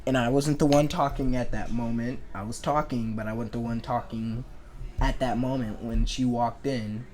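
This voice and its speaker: A man's voice: mid-range voice, steady tone, moderate pace, darkish tone. A young man telling comedic school stories in a chatty, sarcastic way, acting out the people he quotes. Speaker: animation storyteller. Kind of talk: comedic storytelling.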